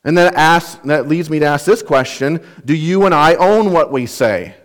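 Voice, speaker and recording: A pastor preaches an expository sermon with earnest emphasis, unpacking word meanings and posing rhetorical questions to his listeners. His voice is fairly high, with lively intonation and a moderate pace.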